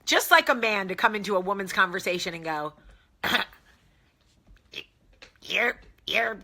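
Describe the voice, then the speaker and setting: Jersey woman host, bright forceful voice, blunt and jokey, casual live chat. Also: medium pitch, sing-song, fast talker. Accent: New Jersey. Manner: candid, jokey, blunt, sometimes profane.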